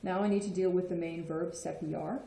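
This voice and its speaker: A woman's voice: lowish voice, fairly even intonation, a little fast, gravelly, mellow. A woman explaining Spanish grammar in a patient lesson, often checking in with "okay?". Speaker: Spanish teacher. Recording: echoey room.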